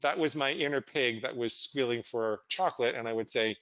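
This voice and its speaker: A man speaks as a psychologist guest, telling his story candidly with animated, self-deprecating humour. His voice sits at a middle pitch, and the sound is dry and slightly dull. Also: fairly quick, no echo. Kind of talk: conversational interview storytelling.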